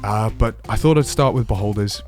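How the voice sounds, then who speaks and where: A man's voice: on the low side, a little fast, soft background music. A man teaching voice acting for tabletop games, chatty and self-deprecating. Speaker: dungeon master teaching voice acting. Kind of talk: casual tutorial.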